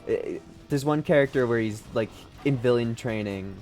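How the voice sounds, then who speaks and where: Streaming a video game from home, a man with a medium-pitched, slightly mellow voice speaks at normal speed over faint background music. His casual commentary is rambling, self-deprecating and sweary.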